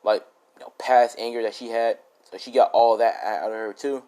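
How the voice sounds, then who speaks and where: A man's voice: mid-range voice, steady tone, normal speed, dark tone, clear, resonant tone. A young man casually retelling a fan story in a rambling, profane way full of fillers.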